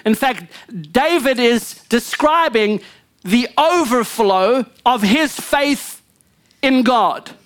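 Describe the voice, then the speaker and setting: Animated woman pastor preaching a sermon. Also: slow. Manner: animated preaching, frequent "come on" and "amen"; wide swings between loud emphasis and low murmured asides.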